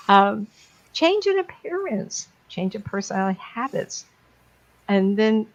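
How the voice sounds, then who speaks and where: A woman speaking as a psychic medium, giving a blunt, plain-spoken talk to an audience. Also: mid-range voice. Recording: dull lo-fi sound.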